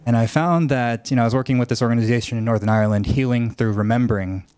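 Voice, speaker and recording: A man speaking as a panelist, reflective and halting, with many fillers as he gathers his thoughts. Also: mid-range voice, darkish tone, clean tone, no room sound. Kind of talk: panel discussion remarks.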